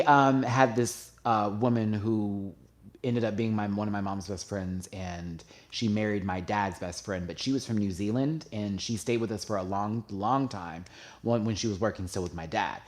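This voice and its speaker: Gushing man chatting to viewers. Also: lowish voice. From United States. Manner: chatty and gushing, swings from hushed asides to loud squeals. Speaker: host. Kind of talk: casual live-stream chat.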